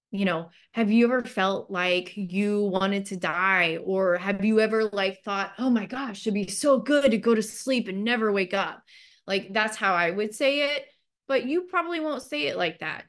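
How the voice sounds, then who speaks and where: A woman's voice: medium pitch, fairly bright tone. A woman mental health counselor giving a training webinar in a loose, conversational way, with lots of "like" and "you know" fillers.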